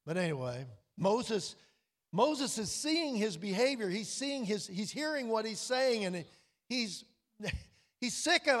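A man preaching a sermon in a folksy, storytelling way, dropping to quiet, drawn-out emphasis. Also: high-pitched, sing-song, in a large hall. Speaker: pastor.

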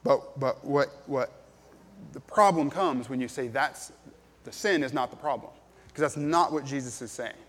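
A man delivering a sermon at an ordinary middle pitch, earnest and plain, with hesitant ums between points. His voice carries a long reverb, as if recorded in a church hall. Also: a bit bright. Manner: earnest, plain-spoken, many ums and restarts. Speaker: pastor.

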